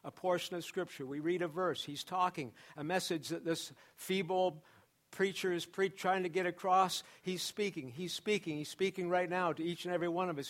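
A pastor preaching a sermon to his church, building emphasis through repeated phrases. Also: a little high. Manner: preaching with repetition and rising emphasis.

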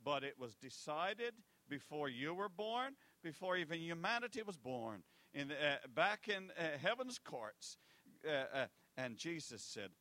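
A man preaching with a bright, forceful voice, fairly high for a man. He talks slowly, swinging between booming declarations and hushed asides and repeating phrases for emphasis. The sound is dry and close. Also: big pitch swings, no room sound. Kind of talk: sermon.

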